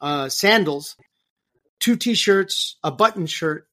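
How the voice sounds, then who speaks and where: An animated man in a relaxed interview, his voice sitting a little high for a man. He circles back over words while finding his phrasing and acts out other people in his stories. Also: takes it slowly. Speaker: podcast guest. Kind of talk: conversational interview.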